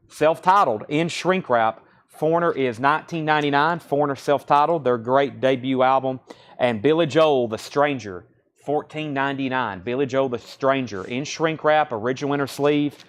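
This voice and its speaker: A man hosting a live-streamed record sale, reading out titles, prices and bids in brisk auctioneer-style calls. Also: medium pitch. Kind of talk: live-stream sales patter.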